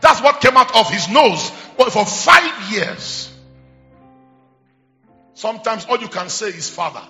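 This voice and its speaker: A middle-aged man with a Nigerian English accent, preaching a charismatic sermon with loud call-and-response and repetition. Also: sits high, sing-song, slow pace, faint music behind. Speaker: bishop preaching.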